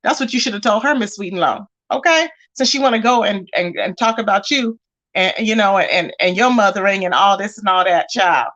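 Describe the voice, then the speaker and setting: A woman's voice: mid-range voice, a little fast, a bit bright, lo-fi sound. A woman casually chatting on a livestream, reading out viewer comments and calling her audience y'all and baby.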